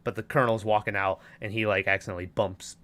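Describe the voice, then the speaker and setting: A man's voice: lowish voice, flat delivery, quick pace, fairly bright tone. A man hosting a podcast, recapping a film in a rambling, casual way, swearing and acting out lines. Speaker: podcast host.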